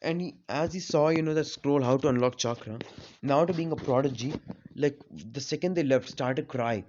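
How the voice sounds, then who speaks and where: A man's voice: medium pitch, a little fast, a little mellow, a little hiss or hum. Rambling man retelling a fan story. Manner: rambling, many fillers. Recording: slightly dull lo-fi audio.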